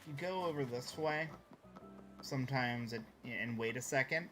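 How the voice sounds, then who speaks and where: A man's voice: mid-range voice, unhurried, pushed and bright. A man chatting casually on a live stream while gaming, rambling and greeting viewers by name.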